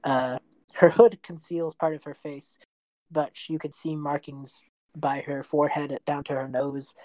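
A woman's voice: sits low, steady tone, a little slow, mellow, no room sound, rough recording. A woman narrating a tabletop role-playing game as game master, describing scenes in a casual, rambling way with many fillers.

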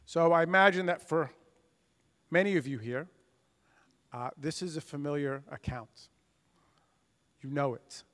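A man's voice: a little high, a little slow, long pauses, a bit bright. A man preaching a sermon with earnest, emphatic delivery, acting out the voices of scripture figures. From United States. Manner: earnest preaching with emphatic swells and dramatized quotes. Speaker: pastor. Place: church sanctuary. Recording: long reverb of a church hall.

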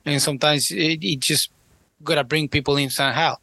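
A man's voice: fairly high pitch, a little fast, vocal fry, no room sound. A man co-hosting a casual wrestling podcast, talking loosely and laughing, with some swearing. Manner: animated, laughing, loose profane talk. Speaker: podcast co-host. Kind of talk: casual chat, wrestling review.

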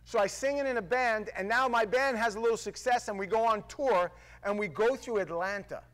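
Fast-talking New man telling stories. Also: high voice. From New York. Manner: animated storytelling with stammered restarts. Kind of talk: casual monologue to camera.

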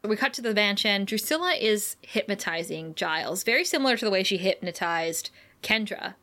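A woman co-hosting a casual podcast, recapping a TV episode in lively, laugh-filled chat and swearing casually. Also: mid-range voice, normal speed. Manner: animated, laughs often, acts out quotes.

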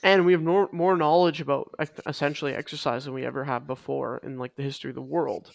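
A man's voice: medium pitch, steady tone, fast, creaky, no room sound. A man co-hosting a casual fitness podcast, talking with emphasis and repeating his key points. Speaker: podcast co-host.

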